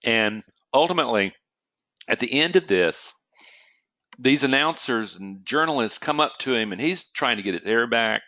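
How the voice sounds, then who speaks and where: The mid-range voice here is animated and sharp in tone, moving at normal speed. A man is giving an online trading psychology lecture, telling stories conversationally, checking in with "okay?" often, and occasionally coughing. It's a dry, dull-sounding recording.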